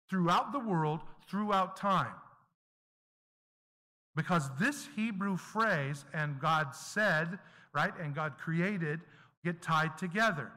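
A man's voice: sits high, sharp tone. A man preaching a sermon in a conversational teaching style, often asking the congregation questions. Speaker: pastor. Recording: echoey hall with long reverb.

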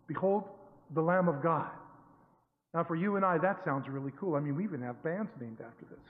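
A man preaching a conversational sermon, correcting himself often and rising to emphatic bursts. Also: on the high side. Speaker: pastor. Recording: tinny phone-like sound with long hall reverb.

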